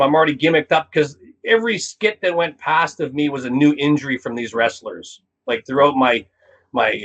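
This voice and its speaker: Husky-voiced animated storytelling man. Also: poor audio. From Canada. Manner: animated storyteller, acts out quotes in a higher voice. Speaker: comedian guest. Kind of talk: casual storytelling interview.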